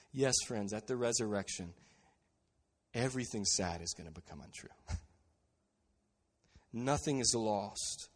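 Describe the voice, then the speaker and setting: Man, pastor, sermon, mid-pitched voice, earnest, quiet emphasis, long echoing hall reverb. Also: lively intonation, measured pace, long pauses. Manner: earnest preaching, drops to quiet emphasis on key phrases.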